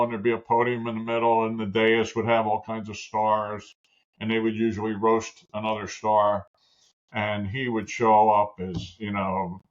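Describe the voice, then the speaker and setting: An older man, a podcast guest and author, talking plainly with many fillers. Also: on the low side. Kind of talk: casual interview talk. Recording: dull lo-fi audio.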